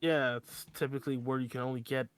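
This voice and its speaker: A man playing a character in a tabletop game, answering in a hesitant, halting way. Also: mid-range voice, fairly even intonation, smooth, no room sound. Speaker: player.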